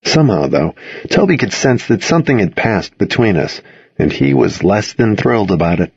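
Low husky guy reading a novel out loud, lively pitch, dry muffled recording. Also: normal speed, dry recording. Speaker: audiobook narrator. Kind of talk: first-person novel narration.

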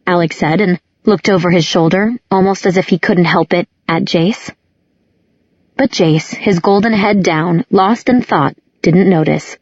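A woman with a fairly low voice narrates an audiobook at a moderate pace, voicing every character herself through small shifts in tone. It is scripted narration, recorded with no echo and with the highs cut off.

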